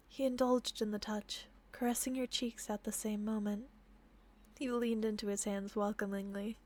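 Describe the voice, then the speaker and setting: A young woman reading a romantic visual novel aloud, often giggling and apologizing between softly read passages. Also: mid-range voice, steady tone, a little slow. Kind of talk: reading game text aloud with chatty asides.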